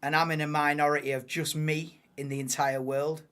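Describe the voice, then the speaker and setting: A man's voice: on the high side, flat delivery, a little fast, a bit bright, smooth. A man hosting a live watchalong, casual banter-heavy commentary that swears and laughs at his own jokes.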